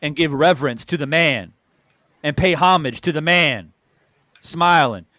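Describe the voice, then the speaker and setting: A man's voice: on the high side, a little slow, sharp tone, no echo. A man hosting a boxing channel, delivering a heated opinion monologue and repeating phrases for emphasis.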